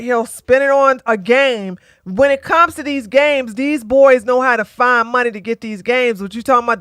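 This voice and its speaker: A woman's voice: fairly high pitch, a bit bright, clear, resonant tone, no room sound. A woman in her forties hosting a livestream, blunt and joking as she comments and tells stories. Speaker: livestream host. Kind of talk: casual commentary and storytelling.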